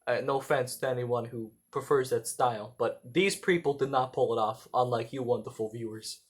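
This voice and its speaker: A young man with a husky, slightly rough voice rambles through a casual vlog monologue. He trips over his words, drops plenty of fillers and the odd swear, at a mid pitch. He records indoors in a room. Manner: rambling, halting, with many fillers and profanity.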